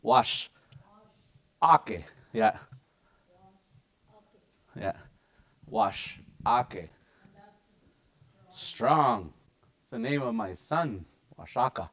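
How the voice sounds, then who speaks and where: Man, middle-aged, language teacher, casual lesson, repeats words slowly, chatty asides, mid pitch. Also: big pitch swings, creaky, fairly bright tone.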